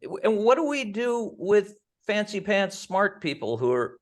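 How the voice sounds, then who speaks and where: A man's voice: high voice, very animated, a little slow. A man hosting an interview on a video call, chatty and joking as he tells stories. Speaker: host.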